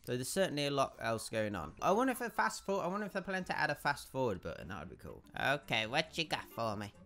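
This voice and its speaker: A man with a stuffy, croaky voice, rambling through gameplay commentary and restarting his sentences as he thinks aloud. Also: mid-range voice, very animated, fast talker, pushed and bright. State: congested and croaky. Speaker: gaming YouTuber.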